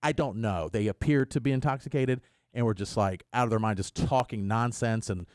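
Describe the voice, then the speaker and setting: A man's voice: medium pitch, brisk, clean tone, dry recording. A man hosting a morning radio show, telling a story in casual studio chat and acting out the quotes. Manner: animated storyteller who acts out quotes. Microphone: studio microphone.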